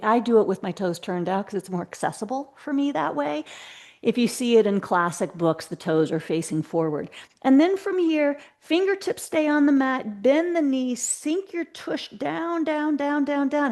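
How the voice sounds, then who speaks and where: Gentle slow-cueing woman yoga teacher. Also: fairly high pitch. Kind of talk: guided yoga class. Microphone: video call.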